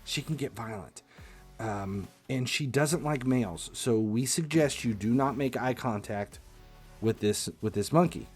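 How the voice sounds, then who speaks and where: A man hosting a livestream, telling a casual anecdote in an animated, exasperated way with casual swearing. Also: mid-range voice, a little slow, faint music behind. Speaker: livestream host. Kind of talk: casual storytelling.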